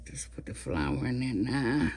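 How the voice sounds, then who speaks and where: A woman's voice: very deep voice, very animated, a little slow, a little mellow, slightly rough. A woman over fifty, chatting casually to viewers as she seasons and fries chicken. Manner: chatty, talks to viewers while cooking. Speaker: cooking vlogger. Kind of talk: casual cooking vlog.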